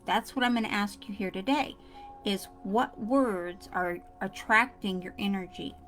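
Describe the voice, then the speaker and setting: A woman's voice: mid-range voice, unhurried, a bit bright, faint music behind. A woman giving a casual motivational tutorial straight to her viewers, earnest and repetitive. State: coughing fits. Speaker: self-help vlogger.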